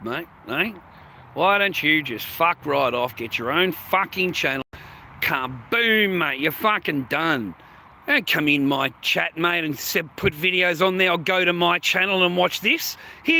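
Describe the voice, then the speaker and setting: Male live streamer, outdoors in the city, profane and mocking toward his chat; high, sharp voice. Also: slight background noise. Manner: profane, sarcastic, confrontational.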